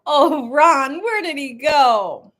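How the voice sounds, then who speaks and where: A woman's voice: sits high, animated, takes it slowly, fairly bright tone, slight background noise. A woman hosting a live stream who chats casually with her viewers, laughing often in a playful, talkative way. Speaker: live-stream cooking channel host.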